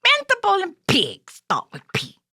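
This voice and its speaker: Squeaky excitable little girl, played by a man, wildly swooping pitch, slow drawn-out delivery. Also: no room sound, studio quality, exaggerated voice. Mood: chirpy.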